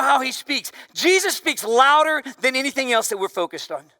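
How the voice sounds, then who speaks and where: High, bright-voiced man preaching a sermon. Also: lively intonation, moderate pace, few pauses, no echo, studio quality, in a large hall. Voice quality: loud voice. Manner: preaches with big swings from loud emphasis to near-whisper. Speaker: pastor.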